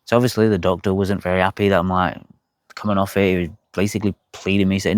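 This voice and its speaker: A man's voice: deep voice, little pitch movement, fast talker, smooth, dry recording, studio quality. Blunt, swearing man. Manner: blunt, swears freely, acts out his own past thoughts. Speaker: health vlogger. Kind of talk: personal storytelling to camera.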